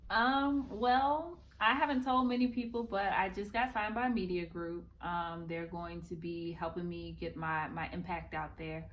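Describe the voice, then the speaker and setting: A young woman guest chats in an easy, upbeat way, pausing on ums as she gathers her thoughts. Her voice sits a little lower than most women's. It is an unscripted interview conversation. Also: steady tone, a bit bright, slight background noise. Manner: upbeat, hesitant with frequent ums. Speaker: guest author. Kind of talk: casual interview chat.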